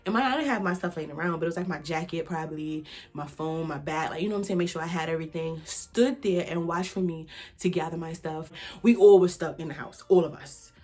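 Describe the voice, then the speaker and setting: A woman's voice: low voice, fast, darkish tone. A woman telling a personal story in a casual storytime vlog, chatty, with lots of fillers and asides to her viewers. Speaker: vlogger.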